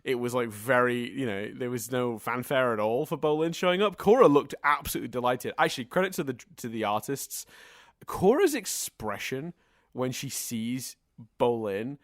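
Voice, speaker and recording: A man's voice: mid-range voice, expressive, moderate pace, dry recording, clean studio sound. Chatty man co-hosting a podcast. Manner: chatty and rambling, talks in long winding sentences. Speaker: podcast co-host. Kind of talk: casual podcast discussion.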